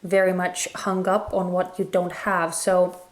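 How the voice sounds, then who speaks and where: A woman's voice: fairly low pitch, monotone, a little slow. Musing woman giving a tarot reading. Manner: musing, hesitant, many fillers and restarts. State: slightly strained throat. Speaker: tarot reader. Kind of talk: casual spoken tarot reading.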